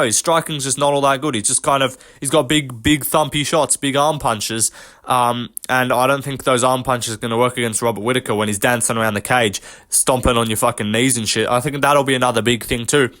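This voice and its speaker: A man's voice: mid-range voice, a bit bright. A young man giving a casual, sweary MMA reaction with lots of fillers. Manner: loose, sweary banter with frequent fillers. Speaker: MMA commentator.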